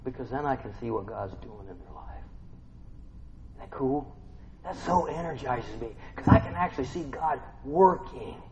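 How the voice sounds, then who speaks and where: Speaking at a moderate pace in an animated mid-range voice, a man preaches informally while a crowd can be heard in the background. He talks conversationally, quizzes his listeners, and hums and affirms between points, all captured in a dull lo-fi recording with long hall reverb.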